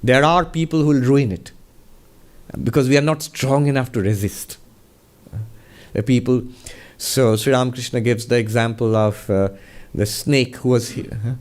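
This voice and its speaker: Monk giving a spiritual Q&A talk, measured, conversational storyteller. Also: male voice, medium pitch, darkish tone. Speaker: monk and resident minister.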